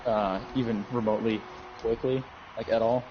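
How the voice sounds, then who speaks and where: A man with a lowish voice chats casually as a co-host, his phrasing loose and halting with fillers. The sound is dull and lo-fi. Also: steady tone, a little hiss or hum. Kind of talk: casual chat.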